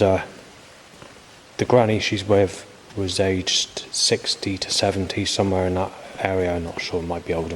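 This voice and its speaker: A vlogger in his forties with a low-sitting voice rambles through a spoken video diary, hesitating, swearing often and leaning on plenty of fillers. Faint background noise sits under the recording.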